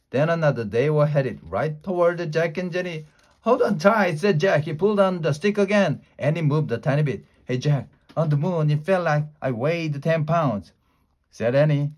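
Man reading a children's story aloud. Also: on the high side. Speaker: storybook reader.

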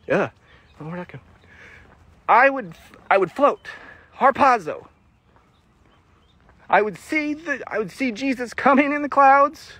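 A man giving a casual, animated Bible teaching during a walk-and-talk, laughing often and getting emotional. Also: extremely high pitch, breathy edge, no room sound. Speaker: Christian ministry teacher.

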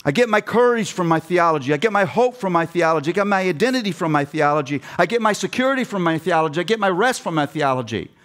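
A man's voice: sits high, lively intonation, fast, hardly any pauses, a bit bright. A middle-aged man preaching a passionate sermon with emphatic repetition, addressing seminary students. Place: seminary chapel.

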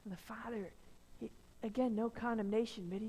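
A woman's voice: on the high side, fairly even intonation, normal speed, warm tone, slightly rough. A woman pastor giving a conversational sermon, acting out the voices of the people in her story. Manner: conversational preaching, acts out quoted voices. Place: church sanctuary. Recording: long reverb of a church sanctuary.

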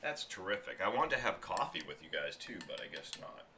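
Low-voiced man chatting while eating. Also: very animated, brisk, pushed and bright, a little hiss or hum. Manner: rambling, chatty, talks while chewing. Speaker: food reviewer. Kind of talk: casual food-tasting stream chat.

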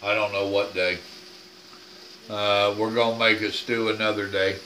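A man's voice: on the low side, flat delivery, a little slow, sharp tone, slight background noise. Rambling folksy older man in a roomy kitchen. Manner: rambling, folksy, plain-spoken. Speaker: cooking channel host. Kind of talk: casual cooking vlog chat. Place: home kitchen. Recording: roomy kitchen sound, camera off at a distance.

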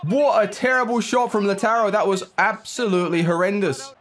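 A young man giving live commentary on his own football video game match, reacting out loud to every play. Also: sits high, steady tone, fairly quick. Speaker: gaming YouTuber.

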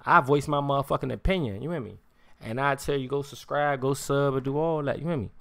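Dry-voiced streamer ranting, swearing freely. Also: male voice, medium pitch, brisk, creaky, fairly bright tone, no room sound. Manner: repetitive, keeps saying "you hear me", swears freely; slang-heavy street talk. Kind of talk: casual live-stream rant.

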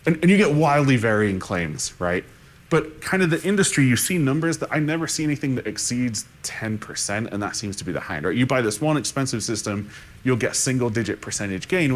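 A man speaking on a conference panel, thinking aloud with restarts and frequent "right?" tags. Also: medium pitch. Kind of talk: unscripted panel discussion.

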